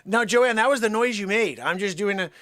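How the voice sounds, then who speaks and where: A man's voice: high-pitched, brisk, pushed and bright, no echo, studio quality. A male comedian doing a manic improvised comedy monologue that jumps between silly voices.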